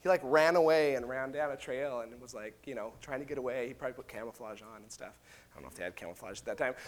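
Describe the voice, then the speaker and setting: A man giving a casual, chatty Bible talk, retelling the story and acting out the people's voices. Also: a little high. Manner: animated, chatty, acts out voices.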